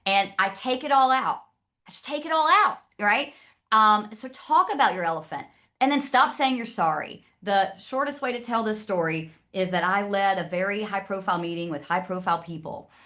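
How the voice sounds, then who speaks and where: A woman's voice: mid-range voice, moderate pace, pushed and bright. A woman from the American South with a Southern accent, presenting to an audience in a chatty, direct way. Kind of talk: casual talk to an audience.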